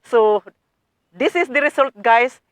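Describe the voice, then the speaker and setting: This gardening vlogger has a high, animated voice and an unhurried pace, with no echo. She eagerly shows her garden work in a casual how-to, chatting with viewers she calls guys, in non-native phrasing.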